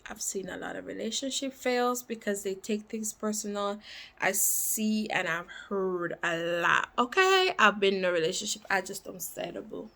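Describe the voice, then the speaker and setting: A woman vlogging about books she has read, chatting casually and repeating quotes with rising emphasis, dropping into soft asides. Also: medium pitch, expressive, moderate pace. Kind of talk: casual book talk to camera.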